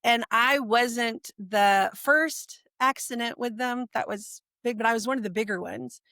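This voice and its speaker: Gravelly-voiced woman telling her story. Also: fairly high pitch, a little slow, no echo, studio quality. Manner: animated, acts out quoted speech. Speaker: podcast guest. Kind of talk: personal storytelling.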